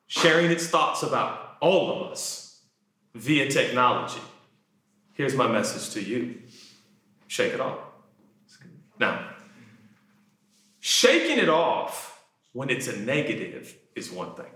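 A man preaching a sermon, animated, jumping from shouted lines to quiet asides. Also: a little high. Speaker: pastor. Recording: echoey room.

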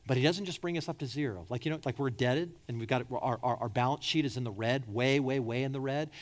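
A man preaching a sermon with passion. He swings between loud, urgent pleading and soft, hushed lines, and he repeats words when he presses a point. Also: mid-range voice, fast. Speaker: pastor.

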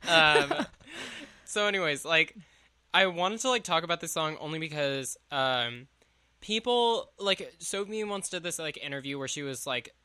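A young-sounding man with a bright, fairly high voice, chatting loosely about music as a podcast co-host. He rambles and fills every gap with "like." The sound is dry and close. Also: lively intonation, unhurried, smooth, no echo. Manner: rambling, heavy use of "like", trailing off. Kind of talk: casual chat about music.

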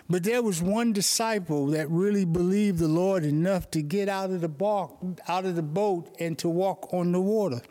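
A man's voice: a little high, a little mellow. A male pastor preaching an earnest morning sermon, telling stories to make his points.

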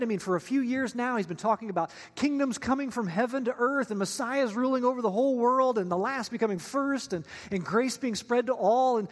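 A male pastor preaching a sermon in a chatty, joking way, often putting questions to his listeners. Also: high voice. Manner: conversational and joking, asks the audience questions. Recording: long reverb of a large hall.

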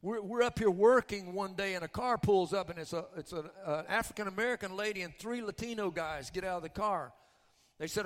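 Man, pastor, sermon storytelling, fairly high voice, long hall reverb. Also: brisk. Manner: animated testimony, swings from loud to hushed.

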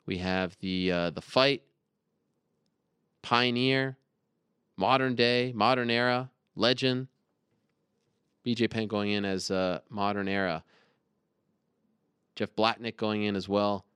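A man's voice: fairly low pitch, steady tone, slow pace, pauses often, a bit bright, clear, resonant tone, no echo, studio quality. A man in his thirties hosting an interview show, speaking earnestly to his guest and then announcing upcoming events. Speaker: host. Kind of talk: interview and show host talk.

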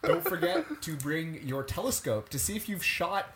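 A man's voice: sits high, huge pitch swings, normal speed, gravelly, a crowd in the background. A man co-hosting a casual podcast, giggly and profane, filling his talk with "like". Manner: swearing, giggly, lots of "like". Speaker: podcast co-host.

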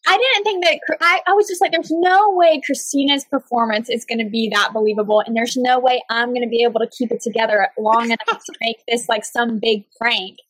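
A young woman chatting casually about high school, earnest and full of "like". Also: fairly bright tone, no room sound, low-quality recording. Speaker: podcast guest. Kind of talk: casual storytelling chat.

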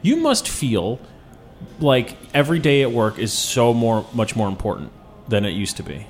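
A man's voice: mid-range voice, big pitch swings, normal speed, a little hiss or hum. A man hosting a radio show, interviewing a guest in a teasing, playful way. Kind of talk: casual interview.

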